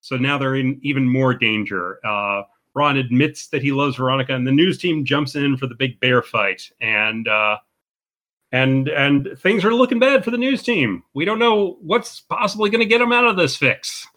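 A man with a bright, forceful voice chats through a movie recap on a podcast. He is jokey and playful and often jumps into high, silly voices to act out lines. He sounds close to the mic. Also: animated, normal speed. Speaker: podcast co-host. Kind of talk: casual movie recap chat.

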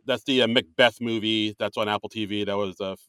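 A man's voice: lowish voice, fairly even intonation, fast, fairly bright tone, clean tone, no echo, studio quality. Playful man chatting on a podcast. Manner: rambling, many fillers and restarts, playful. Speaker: podcast co-host. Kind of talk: casual chat.

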